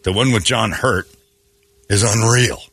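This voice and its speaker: A man hosting a morning radio show, ranting sarcastically about the news and slipping into quick mocking quotes. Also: lowish voice, gravelly, fairly bright tone, husky, no echo. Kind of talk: opinionated morning radio banter.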